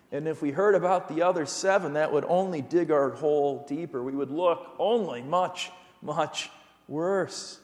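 A man with a high-sitting, darkish voice preaches a sermon as a pastor, earnest and emphatic. He asks his listeners pointed rhetorical questions, and the recording carries a long hall reverb.

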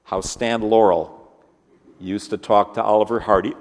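Earnest male pastor preaching in a hall. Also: unhurried. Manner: earnest preaching, swinging between lively emphasis and hushed low passages. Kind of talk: sermon.

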